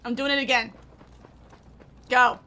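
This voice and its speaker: A woman streamer chatting excitedly through live gameplay, laughing often. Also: high voice, unhurried, a little hiss or hum. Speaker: gaming streamer. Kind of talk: casual live gameplay commentary.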